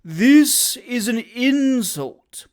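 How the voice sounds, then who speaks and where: Mr. Tupman, a plump older gentleman, touchy and quick to take offence, as a reader puts him on. Declaiming, raised and insistent, set back a little from the mic in places, in a storybook reading. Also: medium pitch, sing-song, voice pushed up. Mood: indignant. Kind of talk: audiobook character reading.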